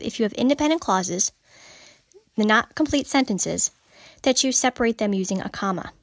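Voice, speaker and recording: Grammar is the topic as a woman hosts her writing podcast, explaining it emphatically and casually while repeating important points. Her voice sits in the mid range, and the recording is dry.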